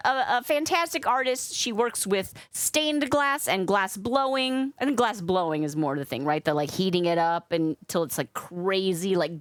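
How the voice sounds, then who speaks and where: A woman's voice: medium pitch, dry recording. Woman streamer, upbeat and chatty, mid-range voice, dry close mic. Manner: chatty, upbeat, with frequent fillers. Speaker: streamer and balloon artist. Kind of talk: casual live-stream chat.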